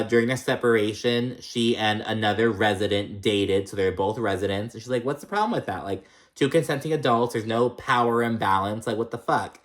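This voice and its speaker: Profane, chatty young man recapping TV. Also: mid-range voice. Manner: profane, chatty, laughs often, acts out quotes. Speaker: reality TV recap vlogger. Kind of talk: casual recap chat.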